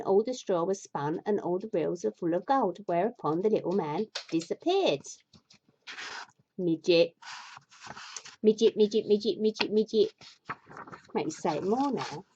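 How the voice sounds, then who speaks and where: A woman's voice: lowish voice, animated, normal speed, warm tone, highs cut off. Grumbling, sweary woman storyteller. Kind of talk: comic fairy tale reading with rambling asides.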